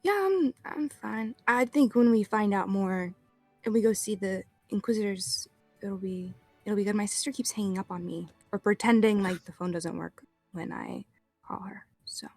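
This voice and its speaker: A woman voicing an anxious young adventurer who talks haltingly, in a tabletop role-play. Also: medium pitch, darkish tone, no room sound, soft background music, natural voice. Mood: worried. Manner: hesitant, halting.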